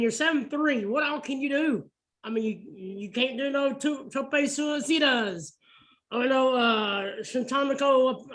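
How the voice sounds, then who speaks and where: A man's voice: very high voice, fairly bright tone. A man from Alabama, chatting casually on a podcast, rambling with lots of "I mean". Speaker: podcast co-host. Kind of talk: casual chat.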